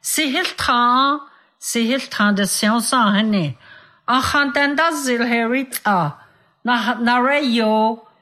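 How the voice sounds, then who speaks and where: A woman teaching vocabulary and telling a short fable, repeating words slowly for learners and raising her voice for the characters. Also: pushed and bright. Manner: voices characters with raised pitch. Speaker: language teacher. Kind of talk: storytelling and vocabulary lesson.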